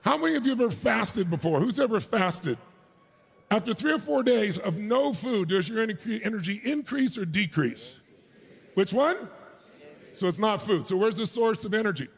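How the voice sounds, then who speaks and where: A man giving a motivational speech to a live crowd on an arena stage. He is energetic and shouts to pump up the crowd, with crude, joking asides. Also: high-pitched, moderate pace, vocal fry, slightly rough. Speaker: motivational speaker.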